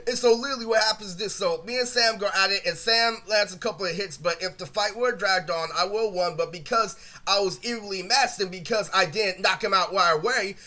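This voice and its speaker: A man's voice: sits high, brisk, few pauses, bright, forceful tone, soft background music. A man telling a long personal story as a vlog, rambling and aggrieved, full of swearing and constant fillers. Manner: aggrieved, ranting retelling. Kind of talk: casual storytime monologue.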